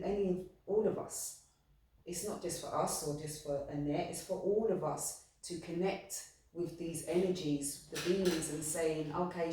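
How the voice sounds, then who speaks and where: In a warm, low voice, a spiritual medium speaks earnestly and heartfeltly about spirituality, wandering, repeating herself, and frequently starting over. The room is echoey and the mic sits at a distance.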